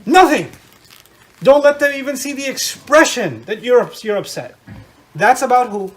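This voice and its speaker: A middle-aged man giving an animated religious lecture to a live audience, often quizzing his listeners with questions. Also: extremely high pitch, normal speed. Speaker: Islamic lecturer.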